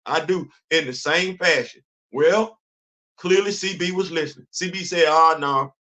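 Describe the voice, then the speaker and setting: A man hosting a show, talking in a casual, animated monologue and acting out imagined conversations in informal African American Vernacular English. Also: fairly high pitch, normal speed. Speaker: host.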